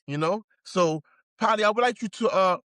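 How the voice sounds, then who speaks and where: A man's voice: high voice, moderate pace, fairly bright tone, dry recording, clean studio sound. A man co-hosting a podcast, hyping the guest and searching for words. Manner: hesitant, hypes the guest. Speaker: podcast co-host. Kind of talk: casual podcast chat.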